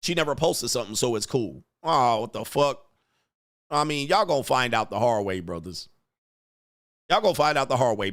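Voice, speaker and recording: A man hosting a casual livestream, reading chat comments and telling stories in a profane, animated way. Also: medium pitch. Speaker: host of a livestream show. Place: home studio.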